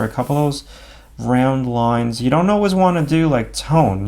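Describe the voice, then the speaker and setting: A man's voice: medium pitch, creaky, darkish tone. A man giving a live drawing lesson, talking casually and thinking aloud as he sketches, with frequent fillers. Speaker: drawing instructor.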